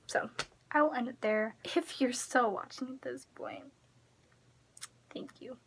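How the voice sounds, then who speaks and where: A woman's voice: sits high, a little slow, a bit bright, husky. A woman ranting casually to her phone camera at home. She is emphatic and rambling, and drops to a near-whisper as she trails off. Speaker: vlogger.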